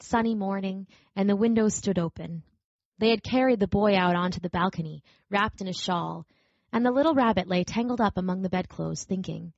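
Woman gently reading a storybook. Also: medium pitch, creaky, no echo. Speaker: narrator. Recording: dry, slightly dull recording.

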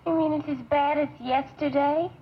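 A woman's voice: high voice, steady tone, moderate pace, close to an everyday voice. A woman playing a pleading housewife in an old ad. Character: housewife asking about coffee. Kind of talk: 1950s TV commercial acting. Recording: dull old TV audio.

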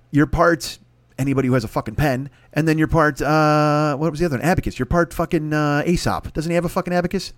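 A man hosting his own comedy podcast, tearing through a crude, rambling monologue that jumps from one tangent to the next. He talks very fast in a slightly high voice. The sound is dry and close. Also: no echo. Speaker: podcast host.

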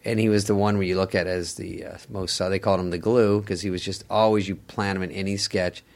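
A middle-aged man sits in on a casual podcast chat and tells comic stories. His voice sits a bit low, and his delivery is wry and sarcastic, with quick impressions of other people thrown in. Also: level tone. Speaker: podcast guest, comedian.

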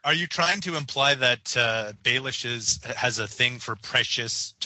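Man, very dry close sound, chatty co-host, bright tone. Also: medium pitch, no room sound, poor audio. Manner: chatty, halting with many fillers and restarts. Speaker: podcast co-host. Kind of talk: casual TV discussion.

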